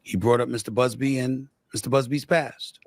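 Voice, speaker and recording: A man giving measured spoken commentary, deliberate and weighing both sides of a case. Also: medium pitch, fairly even intonation, no room sound. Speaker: sports show producer.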